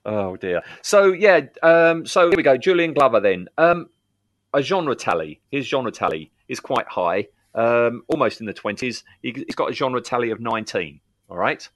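A man co-hosting a relaxed podcast, chatty and full of anecdotes. He acts out the people in his stories with lively voices. His voice sits at an ordinary pitch, recorded dry and close. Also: unhurried, dry recording. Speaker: podcast co-host. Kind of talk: casual chat.

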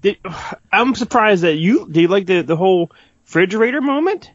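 A man's voice: high voice, big pitch swings, fairly quick, dry recording. A man co-hosting a casual podcast chat about a film, agreeable and joking, with frequent sighs and laughs. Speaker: podcast co-host. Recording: dull dry lo-fi sound.

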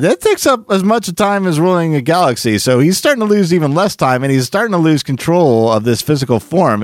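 A man's voice: mid-range voice, no room sound, clean studio sound. A man hosting a podcast, recapping comic lore in a chatty storytelling way with jokey asides. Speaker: podcast host.

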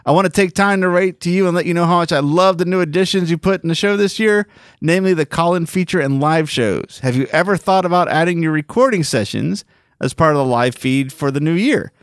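A man's voice: fairly high pitch, a little fast, no room sound, clean studio sound. A man co-hosting a casual podcast, reading listener emails aloud and laughing often.

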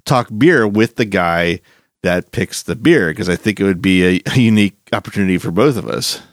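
A man co-hosting a podcast in casual chat, with a gravelly voice, rambling and restarting as he talks. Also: low voice, normal speed, no room sound, studio quality. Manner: animated, rambling with frequent restarts. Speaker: podcast co-host.

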